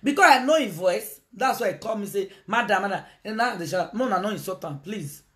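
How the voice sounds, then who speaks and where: Nigerian woman, live-stream host, very expressive pitch, chatty, mixes in Pidgin. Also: brisk. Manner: animated, switches into Pidgin, calls out to viewers. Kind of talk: casual live-stream talk.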